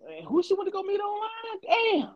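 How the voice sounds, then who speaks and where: A woman co-hosting a casual phone chat, reacting with loud exclamations and lots of laughter. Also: very high voice, very animated, normal speed, lo-fi sound. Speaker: podcast co-host.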